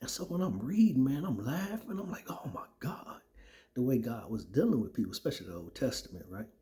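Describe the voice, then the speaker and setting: Man with a dark, mellow voice. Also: medium pitch, very animated, quick pace. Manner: conversational, repeats "right?" and "man". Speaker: former soldier sharing his testimony. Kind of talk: casual spoken testimony.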